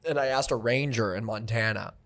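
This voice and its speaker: A male stand-up comedian hosts a casual chat at a fast clip. He tells animated stories and drops into voices. His pitch sits in an ordinary middle range. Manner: animated storyteller, jumps into voices. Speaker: stand-up comedian, podcast host.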